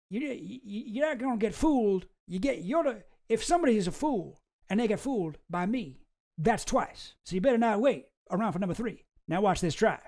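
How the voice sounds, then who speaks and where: A man's voice: high voice, darkish tone, pitched above the performer's own voice. A man voicing a cocky, bumbling male politician who garbles folksy sayings and stumbles over his words.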